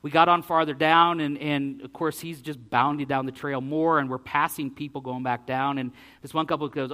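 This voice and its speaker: A man in his forties, a pastor telling a personal story in a sermon, animated and self-deprecating. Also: a little high, normal speed, hardly any pauses. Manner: animated, self-deprecating, acts out his own breathless lines.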